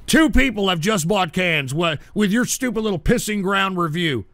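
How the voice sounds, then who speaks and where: A man hosting a livestream show, ranting angrily at a viewer with constant insults and bursts of shouting. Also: high-pitched, lively intonation, moderate pace, dry recording. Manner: angry, insulting, frequently shouting. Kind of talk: profane ranting livestream talk.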